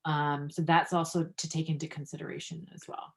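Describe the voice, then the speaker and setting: An earnest woman coach speaking in a relaxed podcast conversation. Her voice sits on the low side for a woman, and she scatters "um" and "like" through her answers. She grows animated when recounting moments from her classes. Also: a little fast, vocal fry. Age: adult, practicing five years. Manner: earnest, many fillers, lively when telling anecdotes. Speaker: guest breathwork coach.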